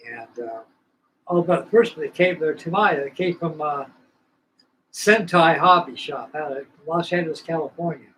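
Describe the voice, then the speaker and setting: An older man in his sixties chats in a rambling, folksy way, circling back and repeating himself as he works. His voice sits a bit higher than most men's. A faint hum of room noise stays underneath. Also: normal speed, bright, forceful tone, poor audio. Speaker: scale model builder hosting a live stream. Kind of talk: casual storytelling chat.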